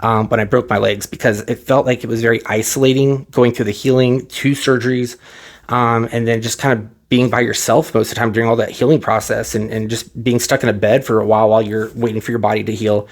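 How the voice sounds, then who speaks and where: A man speaks quickly into a microphone at home, telling his viewers a personal story in a loose, rambling way. He keeps restarting his sentences and retells what others said to him, his voice emotional at times. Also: medium pitch, flat delivery. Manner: rambling, many fillers and restarts, retells dialogue; emotional, close to tears at moments. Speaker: vlogger. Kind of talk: casual personal story to camera.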